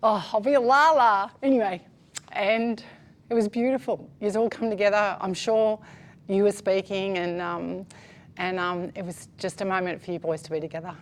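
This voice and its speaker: A woman's voice: mid-range voice, steady tone, normal speed, darkish tone. A woman, a player's family member, recalling the team fondly and getting emotional. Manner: emotional, fond. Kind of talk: casual interview.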